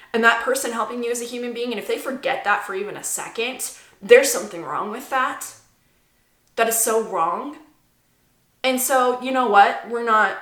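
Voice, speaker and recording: Woman, bright tense voice, indignant rant to camera, roomy echo. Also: fairly high pitch. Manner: indignant, emphatic, repeats herself. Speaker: vlogger. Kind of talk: angry personal rant to camera.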